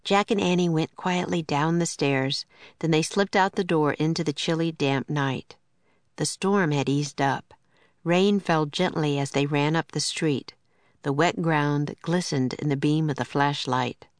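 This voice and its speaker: A woman narrating a children's storybook in a gentle, steady way. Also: sits low, unhurried, no echo.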